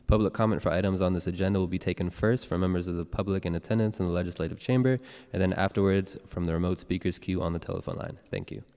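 Low-voiced male clerk calling the roll. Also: fast talker, few pauses. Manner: even, formal, reading out procedures. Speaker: board clerk. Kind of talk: formal roll call and procedural announcements. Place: legislative chamber in a city hall. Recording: long reverb of a large chamber.

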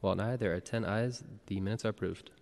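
A man serving as clerk, reading the roll and announcements briskly. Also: on the low side, vocal fry, darkish tone. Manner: brisk and procedural. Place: city hall chamber. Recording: long reverb of a hall.

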